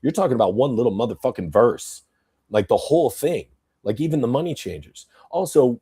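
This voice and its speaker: A man's voice: fairly low pitch, very animated, brisk, mellow, husky. A man hosting a podcast, ranting angrily and profanely in an emphatic monologue. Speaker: podcast host.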